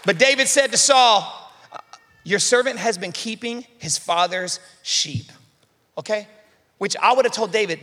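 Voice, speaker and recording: A man preaching a sermon as pastor, fervent and animated, acting out voices and calling out to his congregation. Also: high-pitched, moderate pace. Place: large church hall. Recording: long reverb of a large hall.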